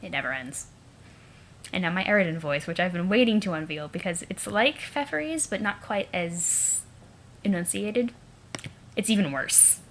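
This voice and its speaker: A woman's voice: lowish voice, animated, normal speed, fairly bright tone, slight background noise. A woman reading a webcomic aloud in a casual let's-play style, with wry, playful asides.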